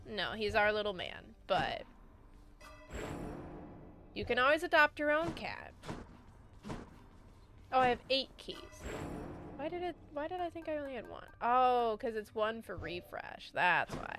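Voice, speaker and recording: A woman's voice: a little high, huge pitch swings, normal speed, long pauses, fairly bright tone, soft background music. A young woman streamer chatting casually, telling stories with frequent giggles. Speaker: game streamer.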